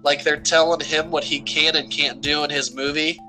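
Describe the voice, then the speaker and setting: A man talks casually through a movie review, telling the scenes with animated energy. His voice is fairly high and bright, and soft music plays underneath. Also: normal speed, rough recording. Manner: animated, storytelling recaps. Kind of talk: casual chat.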